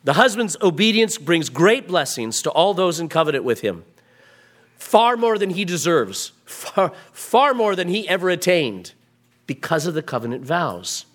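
A man preaching a sermon into a microphone, building from quiet explanation to raised, emphatic passages. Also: on the high side, sing-song, normal speed. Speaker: pastor. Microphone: microphone at a pulpit.

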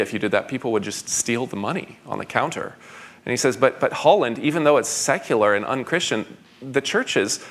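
A man's voice: medium pitch, fairly bright tone. A man, a pastor, answering audience questions at a conference in an eager, rambling way with frequent stammered restarts.

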